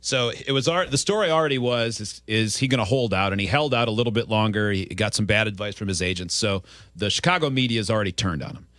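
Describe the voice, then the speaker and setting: A man hosting a casual sports interview, telling stories and quoting people with animated delivery. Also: lowish voice, fast talker, dry recording. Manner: storytelling, animated quotes. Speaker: radio host.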